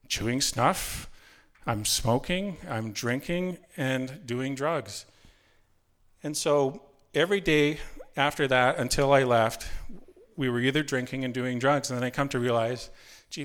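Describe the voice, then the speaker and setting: A man's voice: mid-range voice, a bit bright. A middle-aged man from Canada telling a personal story in a rambling way, with many restarts and filler phrases.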